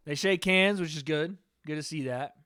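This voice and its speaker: A man hosting a live stream, giving relaxed, rambling reaction commentary and talking to his chat. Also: on the high side, moderate pace, no echo, clean studio sound.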